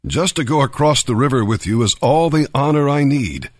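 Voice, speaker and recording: A man's voice: medium pitch, expressive, moderate pace, no room sound, clean studio sound, voice pushed up, close to an everyday voice. A man reading scripture aloud, voicing a tired eighty-year-old man who declines the king's offer. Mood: weary. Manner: weary, resigned.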